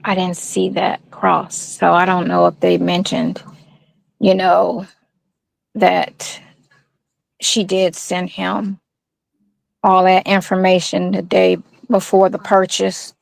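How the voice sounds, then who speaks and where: A woman's voice: lowish voice, monotone, takes it slowly, creaky, long pauses, dry recording. A woman calling in to a live stream, talking casually with frequent fillers and restarts over a phone line that drops in and out. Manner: hesitant, many fillers and restarts. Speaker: guest on a live stream call. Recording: dry phone line cutting in and out.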